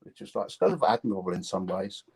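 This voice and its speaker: A man, a guest musician in a casual interview, talking in halting, restarting phrases with dry sarcastic humour. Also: low voice, lively intonation, vocal fry, a little mellow, husky, low-quality recording.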